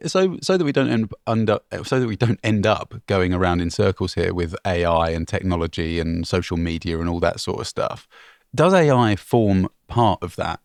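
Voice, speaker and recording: A man's voice: low voice, expressive, moderate pace, dry recording, clean studio sound. A man co-hosting a travel podcast, reading out an article and asking his co-host questions. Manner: reads articles aloud and asks questions. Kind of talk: casual chat.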